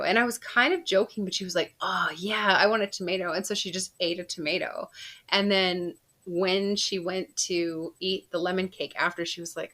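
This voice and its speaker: A woman's voice: fairly low pitch, moderate pace, a bit bright. A woman in her thirties, a podcast host, casually telling a personal story with frequent laughs and fillers. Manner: chatty, laughs often, lots of fillers.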